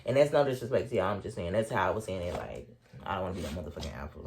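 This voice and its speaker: Young male vlogger, casual storytime, expressive swings in pitch, heavy cursing, faint hiss. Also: very fast. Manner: animated, swears constantly, laughs while talking. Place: indoors at home, sipping a drink.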